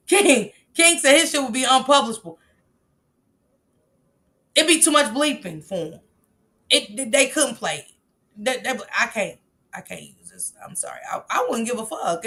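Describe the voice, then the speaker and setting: A woman hosts a casual livestream, reading out viewer comments and reacting with blunt, emphatic remarks. Her voice is pitched a little high and has a sharp, bright edge. She laughs often and swears freely.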